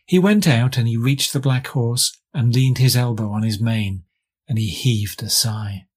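A man from England reading a fairy tale aloud as scripted narration, with measured storytelling. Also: mid-range voice, slightly rough. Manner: measured storytelling, lightly voicing characters. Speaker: audiobook reader.

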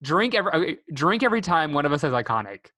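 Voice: medium pitch, very animated, fast, pushed and bright, no room sound, clean studio sound. Chatty, giggly podcast host. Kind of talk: casual chat about a movie.

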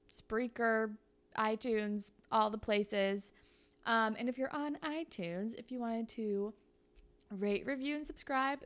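A young woman co-hosting a podcast, chatting casually and making up a story on the spot, full of "like" and fillers. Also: a little high. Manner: chatty, filler-heavy with lots of "like". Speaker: podcast co-host. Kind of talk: casual podcast chat, improvising fan fiction.

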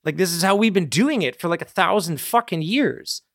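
Profane, animated man with a dry voice. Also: high voice, normal speed, no echo. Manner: animated, profane, acts out characters' lines. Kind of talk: casual brainstorming chat.

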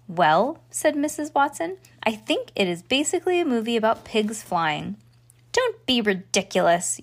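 Playful woman reading a kids' book aloud. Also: a little high. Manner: playful, animated voices for characters, chatty asides. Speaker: podcast host reading aloud.

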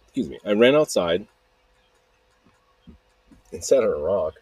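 Rambling, profane man with a husky voice. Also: low voice, very animated, a little slow, long pauses, a little mellow, no echo, rough recording. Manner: rambling, profane, self-interrupting. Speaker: podcast host. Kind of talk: rambling solo podcast monologue. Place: outdoors.

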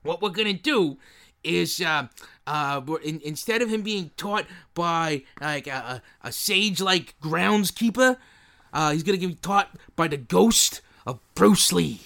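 A man puts on a sleazy producer pitching a cheap knockoff film, halting and rambling with lots of fillers. The voice sits a touch high and sounds bright and forceful. It is an improvised comedy sketch. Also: expressive, vocal fry, exaggerated voice. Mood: scheming. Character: scheming male film producer, sleazy and eager.

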